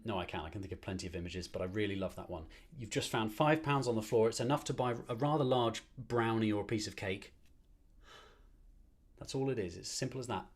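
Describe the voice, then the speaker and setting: Male choir conductor, streamed rehearsal; encouraging, upbeat coaching with counted breathing. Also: medium pitch. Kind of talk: online choir rehearsal and warm-up. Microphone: streamed to a screen.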